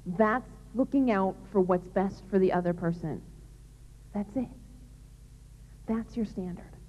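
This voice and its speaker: A woman of medium pitch and a slightly mellow tone speaks at a normal speed, addressing young people on chastity in a large hall with earnest, emphatic plainness. Slight background noise accompanies the dull, echoing lo-fi recording.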